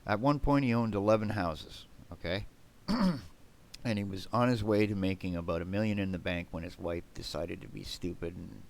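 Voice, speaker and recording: A man's voice: deep voice, normal speed, gravelly. A man streaming a game live, rambling bluntly to his chat, swearing and tagging his remarks with "man" and "right?". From Canada.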